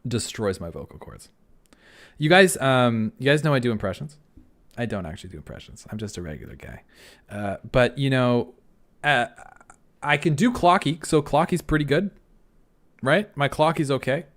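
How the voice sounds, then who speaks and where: Rambling, animated young man streaming. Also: medium pitch, normal speed, long pauses. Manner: self-deprecating, rambling restarts. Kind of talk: casual livestream chat.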